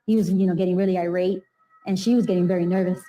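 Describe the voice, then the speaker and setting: A woman's voice: on the low side, steady tone, rapid-fire, mellow, soft background music, rough recording. A woman interviewed for a documentary, earnestly retelling a family story and acting out the voices of the people involved. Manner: earnest, quotes people in raised voice. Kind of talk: emotional recounting.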